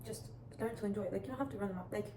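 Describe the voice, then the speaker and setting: A woman's voice: mid-range voice, racing. Chatty teen girl in an echoey room. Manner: rambling, chatty, many restarts and "like" fillers. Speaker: vlogger. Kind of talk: casual advice vlog. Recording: echoey room with clear background noise.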